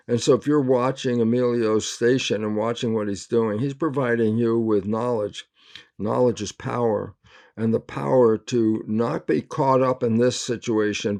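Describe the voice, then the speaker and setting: A man's voice: medium pitch, creaky, darkish tone. An older man, a biologist guest in an interview, talking earnestly and emphatically and acting out little quoted exchanges as he goes. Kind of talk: animated interview talk.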